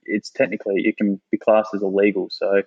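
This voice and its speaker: A man's voice: on the low side, level tone, a little fast, darkish tone, breathy edge, muffled recording. A man with an Australian accent chatting casually as a podcast guest, laid-back, swearing freely and saying "mate" a lot. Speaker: guest, former army sniper.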